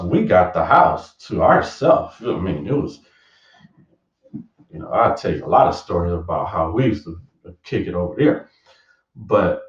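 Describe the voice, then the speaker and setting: Man, casual storytelling, animated, echoey room, distant muffled sound. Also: low-pitched. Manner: animated, acts out his younger self in a raised voice. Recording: roomy, distant, dull lo-fi sound.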